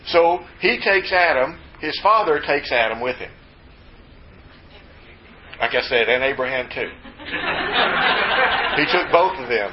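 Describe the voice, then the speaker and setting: A man's voice: fairly high pitch, measured pace, pauses often. Folksy male preacher, lo-fi recording. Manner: folksy, joking asides, lively emphasis. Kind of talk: sermon. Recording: slightly dull lo-fi recording with faint ambience.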